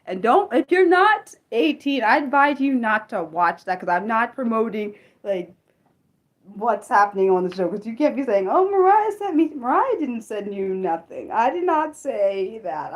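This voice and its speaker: Chatty woman, swooping pitch. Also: expressive. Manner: chatty, rambling, quick to exclaim and react to chat. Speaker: livestream host. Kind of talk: unscripted livestream chat with viewers.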